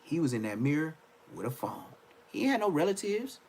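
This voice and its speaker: A young man ranting on a livestream, loud and mocking, repeating phrases and stammering. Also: a little high, very animated, moderate pace. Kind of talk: trash-talking rant on a livestream.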